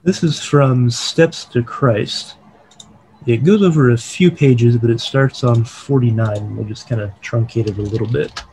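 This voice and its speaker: A man of middle pitch leads a Bible study over a video call. He reads passages aloud in a measured way and then explains them in plain words. A faint hiss sits under his voice. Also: a little mellow, rough recording. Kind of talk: leading an online Bible study.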